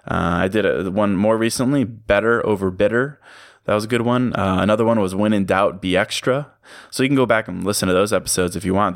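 Young male podcast host, very deep voice, casual and upbeat, dry close recording. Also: no room sound. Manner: casual, upbeat, chatty with laughs and fillers. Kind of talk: solo motivational podcast talk.

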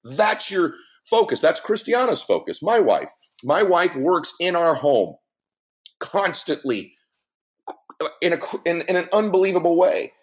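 A middle-aged man speaking as a guest on a podcast, telling a personal story in an earnest, emphatic way with big swings in pitch. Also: very animated, a little slow. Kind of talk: heartfelt podcast conversation.

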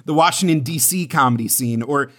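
A man's voice: mid-range voice, a little fast, a bit bright. A man co-hosting a podcast, chatting casually and rambling with lots of fillers and restarts. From United States. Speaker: podcast co-host.

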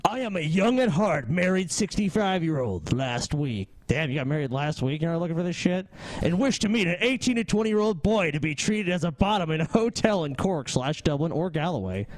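A man's voice: a little high, expressive, brisk, few pauses, no room sound, poor audio. Brash profane man, dry close mic. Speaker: podcast co-host. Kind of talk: casual crude banter.

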